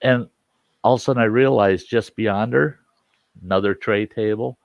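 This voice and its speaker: Low-voiced man spinning a rough story. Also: normal speed, no echo, dull audio. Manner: animated anecdote with acted-out quotes. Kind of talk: casual storytelling.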